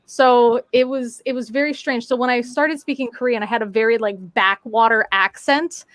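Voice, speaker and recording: A woman's voice: on the high side, fairly even intonation, moderate pace, a bit bright, no echo, studio quality. A woman in casual chat on a live stream, telling a story with lots of fillers and playful voice mimicry. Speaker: guest on a live talk stream.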